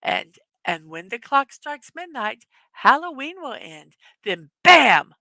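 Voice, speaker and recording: A woman's voice: sits high, very animated, a little slow, sharp tone, dry recording, low-quality recording. Giggly chatty woman hosting a live stream. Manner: chatty, giggly, with many fillers. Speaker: livestream host. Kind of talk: casual live chat reading viewer comments.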